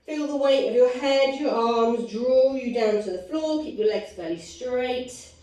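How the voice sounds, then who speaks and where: A woman's voice: sits high, measured pace, mellow. A woman leading a live online pilates class, counting reps aloud with upbeat cues, out of breath. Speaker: pilates instructor. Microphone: video call. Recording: echoey room, distant from mic.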